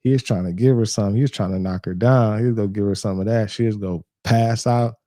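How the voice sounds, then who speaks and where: A man's voice: lowish voice, fairly even intonation, quick pace, mellow, dry recording, studio quality. A man hosting a reaction video, commenting casually in slangy, profane talk and greeting his viewers.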